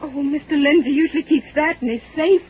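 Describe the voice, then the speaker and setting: An actress playing a frightened young secretary in a 1940s-style radio drama, breathless and distressed. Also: female voice, sits high, brisk, lightly acted. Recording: lo-fi old radio recording with faint hiss.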